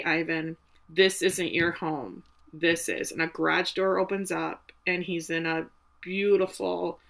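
A woman co-hosting a casual chat, retelling a film's story in an animated, emotional way. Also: fairly low pitch, creaky. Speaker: podcast co-host recapping a film.

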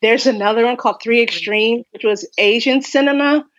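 Woman horror writer guest on a podcast, gushing and rambling, higher voice, lo-fi home audio. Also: moderate pace. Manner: effusive, rambling, excitable. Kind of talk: casual interview chat.

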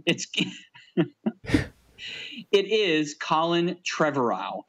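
Male podcast co-host, bantering and joking, lively slightly high voice. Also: drawn-out words. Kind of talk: casual argumentative chat.

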